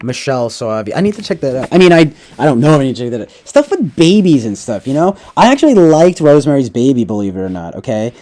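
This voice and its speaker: A man's voice: mid-range voice, very animated, fast, hardly any pauses, mellow. A man hosting a casual livestream, rambling and profane, tagging his thoughts with "like" and "right?". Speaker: livestream host. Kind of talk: casual livestream movie talk.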